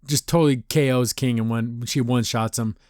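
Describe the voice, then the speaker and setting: A man's voice: medium pitch, fairly even intonation, darkish tone, dry recording, clean studio sound. A man hosting a podcast, giving a casual, rambling recap of a cartoon episode with lots of restarts and fillers. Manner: rambling, loose retelling with frequent restarts and fillers; slips into quick paraphrased character voices.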